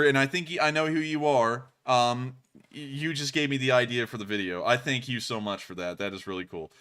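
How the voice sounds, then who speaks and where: A man in his twenties co-hosting a live stream, chatting casually and rambling with lots of fillers and restarts, deliberately raising his pitch. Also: sharp tone, clear, resonant tone. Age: 20s. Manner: speaks in a deliberately raised pitch. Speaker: stream co-host.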